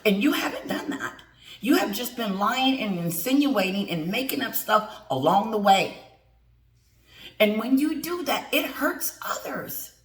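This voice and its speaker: A middle-aged woman rants with sass and emphasis in an opinion vlog, greeting her viewers and talking straight to them. Her voice is on the high side, very animated, and measured in pace. She's recorded in an echoey room.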